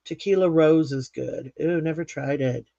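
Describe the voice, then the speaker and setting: A woman's voice: deep voice, normal speed, vocal fry, dark tone, no room sound. A woman hosting a live craft stream, chatting casually, laughing often and rambling through restarts. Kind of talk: casual chat while reading comments. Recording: slightly muffled dry live stream audio.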